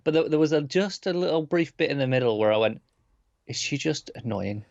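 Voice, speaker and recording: A man's voice: fairly high pitch, expressive, quick pace, a little mellow, no room sound, dull audio. A man co-hosting a TV podcast, chatting casually with short, dry remarks. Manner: laid-back, short interjections, dry quips. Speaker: podcast co-host. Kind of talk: casual chat about TV episodes.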